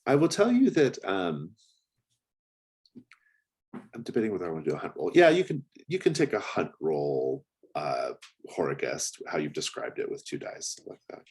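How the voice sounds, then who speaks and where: A man's voice: sits low, huge pitch swings, normal speed, darkish tone, slightly rough. A man narrating as game master of a tabletop game, describing scenes in a hesitant way with many fillers.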